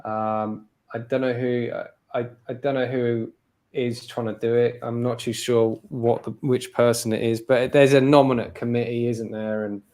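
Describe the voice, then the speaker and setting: A man's voice: mid-range voice, level tone, moderate pace, a little mellow. British male interview guest, casual and chatty, mid-range voice, lots of filler words. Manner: chatty, heavy with "you know" and "like" fillers. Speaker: interview guest, domain investor.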